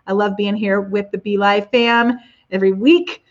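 A woman's voice: medium pitch, steady tone, moderate pace. A bubbly woman hosts a casual live stream from her living room, gushing and exclaiming as she chats with viewers. Her voice sits in a middle register, and the sound is a little dull and lo-fi. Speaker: host of a live business video show.

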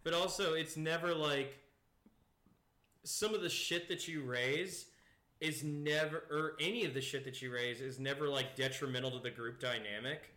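A man's voice: on the high side, normal speed, bright, forceful tone, reverberant, a little hiss or hum. A young man co-hosting a podcast, chatting casually, rambling with lots of fillers and laughing often. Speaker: podcast co-host. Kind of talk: casual chat.

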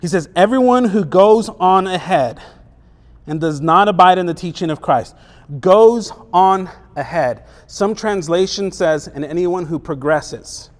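Pastor, male, high voice, casual emphatic preaching style, rhetorical questions, long church-hall reverb. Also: moderate pace. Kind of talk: sermon.

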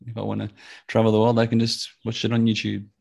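A man speaks bluntly in a relaxed conversation, sure of his views. His voice is low and heavily gravelly, with a husky edge and little rise and fall. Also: quick pace. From Australia. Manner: blunt, opinionated. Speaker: guest, father. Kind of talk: casual discussion.

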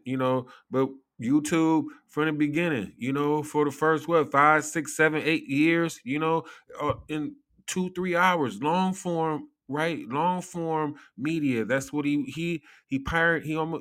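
A man's voice: on the high side, a bit bright. A man giving loose, rambling commentary to his viewers, laughing often and swearing freely. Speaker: commentary vlogger.

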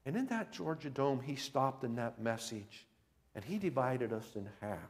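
A man preaching a sermon at a camp meeting, telling a story slowly and rising to impassioned, loud cries. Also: mid-range voice, animated. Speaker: pastor.

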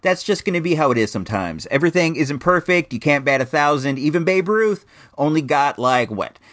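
A man's voice: a little high, lively intonation, brisk, fairly bright tone. A man hosting a podcast, rambling and self-deprecating as he reviews a movie.

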